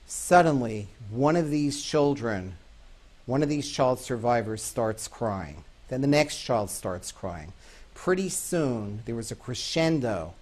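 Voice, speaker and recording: A man speaking at an average pitch, lecturing on grief and mourning. He tells stories with emphatic rises on key words and sometimes stumbles and restarts mid-sentence. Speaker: psychologist lecturer. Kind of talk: recorded talk on grief and comfort.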